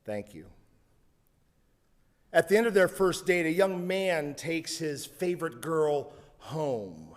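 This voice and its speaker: A man's voice: on the high side, animated, slow. A man preaching a sermon, telling a humorous story with asides. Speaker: pastor.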